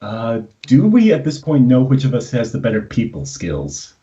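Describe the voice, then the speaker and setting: Male player, mid pitch, lively range, muffled lo-fi call audio. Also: normal speed. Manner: hesitant, many fillers and restarts. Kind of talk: tabletop role-play over a call. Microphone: video call, cutting out.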